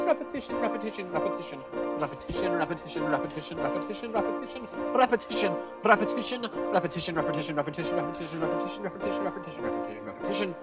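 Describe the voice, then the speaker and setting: A man acting a pompous, petty corporate boss in a comedic audio drama. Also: high voice. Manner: pompous, ranting, theatrical. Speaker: company boss. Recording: music playing under the voice.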